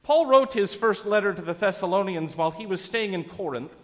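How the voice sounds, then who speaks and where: A pastor delivers his sermon in a relaxed, wry storytelling manner, his voice sitting a little high for a man. It carries the long, lingering reverb of a church sanctuary. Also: fairly quick, slight background noise.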